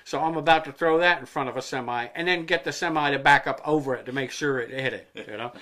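A man's voice: medium pitch, fast, few pauses, pushed and bright. A man hosting a casual podcast, rambling and joking with crude language. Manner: rambling, joking, profane storyteller. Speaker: podcast host.

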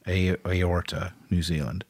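A man's voice: low-pitched, little pitch movement, measured pace, no echo, clean studio sound. A man co-hosting a podcast in casual chat, reading out listener lists with loose laughter and free swearing. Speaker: podcast co-host.

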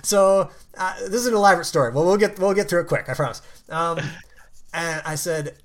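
A man's voice: high voice, brisk, fairly bright tone, slight background noise. A young man telling a story in a casual chat, swearing freely and laughing through it.

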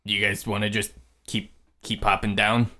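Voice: low voice, little pitch movement, normal speed, bright, forceful tone. A player in a tabletop role-playing game, cautious and practical in questions. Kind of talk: casual tabletop play.

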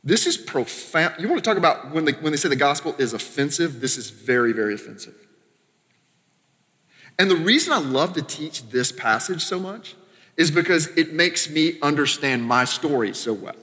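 Pastor guy from arkansas preaching, kinda high bright voice, chatty asides then goes real quiet, big church reverb. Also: animated. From Arkansas, American South. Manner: conversational preaching with quick asides and sudden quiet drops. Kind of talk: sermon. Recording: long reverb of a church hall.

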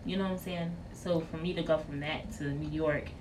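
A woman's voice: low-pitched, brisk. Woman co-host telling a story, lots of energy, far from the mic, noisy. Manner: animated storyteller. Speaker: radio co-host. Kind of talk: casual chat. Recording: distant mic with clear noise.

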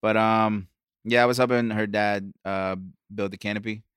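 A man's voice: fairly low pitch, fairly even intonation, normal speed, fairly bright tone, smooth, dry recording, studio quality. A young man on a casual podcast, laid-back and swearing freely as he chats. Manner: laid-back, swears a lot, says "bro". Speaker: podcast co-host.

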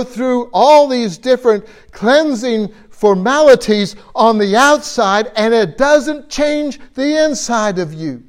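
High-voiced, slow-speaking male preacher. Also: lively intonation. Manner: earnest, asks the audience questions, repeats phrases for emphasis. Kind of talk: conversational sermon.

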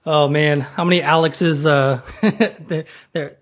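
A man's voice: fairly high pitch, steady tone, slow pace, lo-fi sound. A man chatting casually on a podcast, rambling through questions with lots of fillers and laughs. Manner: rambling, many fillers and restarts, laughs often. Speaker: podcast guest asking questions. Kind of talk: casual interview chat.

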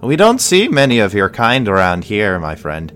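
A man voicing a fussy, curt halfling apothecary in a brisk, clipped, slightly raised voice. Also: lowish voice, wildly swooping pitch, fairly bright tone, slight background noise.

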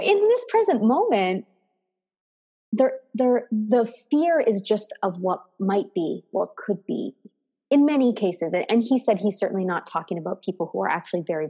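A woman's voice: mid-range voice, dark tone, husky, long reverb tail. A woman co-hosting a podcast in casual, reflective chat, often laughing. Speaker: podcast co-host.

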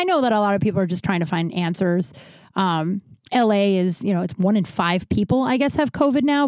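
A woman's voice: mid-range voice, a little mellow, dry recording. A woman hosting a podcast, telling stories in a candid, rambling, profane way with restarts. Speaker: podcast host. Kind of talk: casual storytelling monologue.

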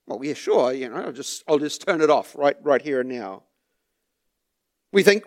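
A man preaching a sermon to his church, unhurried, with small laughs and repeated words. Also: a little high, lively intonation, a little mellow. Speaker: pastor.

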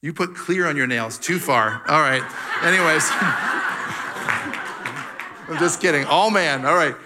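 A man speaking to a church congregation on Father's Day, playful and teasing as he throws questions at the crowd. His voice sits a little high and rings bright, and he keeps the banter moving before settling into a closing blessing. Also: measured pace, faint music behind. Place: church hall.

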